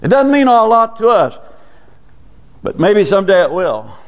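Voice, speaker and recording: A man's voice: high-pitched, wildly swooping pitch, moderate pace. A man preaching a sermon in a church, talking in a folksy, conversational way with sudden rises. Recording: dull, lo-fi church recording with long reverb.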